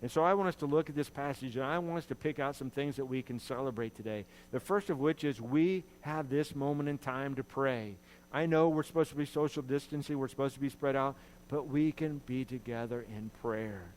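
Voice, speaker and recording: A man's voice: medium pitch, a little fast, a little mellow, a little hiss or hum, low-quality recording. Earnest male pastor preaching a sermon. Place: church.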